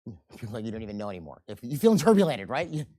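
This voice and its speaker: A man teaching a seminar, animated and often checking in with the audience, and acting out quoted people in changing voices. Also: mid-range voice, rapid-fire. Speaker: seminar instructor. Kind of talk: live seminar lecture.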